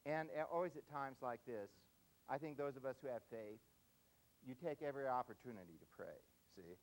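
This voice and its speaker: A man's voice: medium pitch, moderate pace, rough recording. An older man giving a humorous parenting lecture, folksy, telling a story and tagging his points with "see?". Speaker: parenting speaker.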